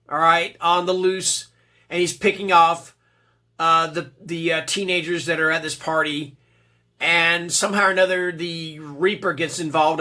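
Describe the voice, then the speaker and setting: A man's voice: fairly high pitch, pushed and bright. A man giving a casual, rambling spoken book review, full of fillers and checking in with "all right?". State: occasional cough and throat clearing.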